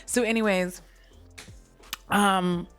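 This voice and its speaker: A woman's voice: mid-range voice, steady tone, extremely slow, a bit bright, faint music behind. A woman hosting a casual movie recap vlog, giggly and rambling, with plenty of swearing.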